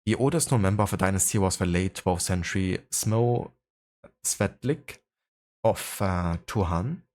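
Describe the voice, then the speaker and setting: Low-voiced man streaming a game. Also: lively intonation, measured pace, a little mellow. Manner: rambling, many fillers, reads codex entries aloud. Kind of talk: casual livestream chat and reading aloud.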